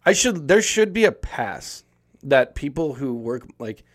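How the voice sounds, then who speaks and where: A young man telling a story in casual chat, animated, swearing and laughing often. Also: mid-range voice, a little slow, dry recording. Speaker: podcast guest telling a story.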